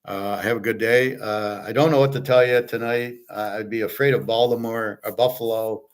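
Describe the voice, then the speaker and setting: A man's voice: on the low side, fairly even intonation, normal speed. A man hosting his own show, ranting off the cuff with heavy profanity and exasperation, often stumbling over and repeating words when worked up. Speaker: sports betting picks host. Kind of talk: unscripted ranting commentary.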